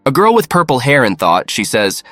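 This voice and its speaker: Male narrator, mid-pitched, even matter-of-fact read, dry close sound. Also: a little fast, dry recording, soft background music. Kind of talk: scripted narration.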